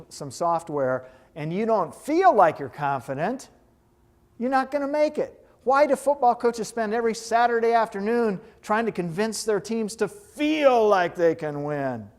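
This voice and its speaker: A man teaching a class on hypnotherapy in a lively way, joking now and then and putting questions to his audience. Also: sits high. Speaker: hypnotherapy instructor. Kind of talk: lecture to a live class.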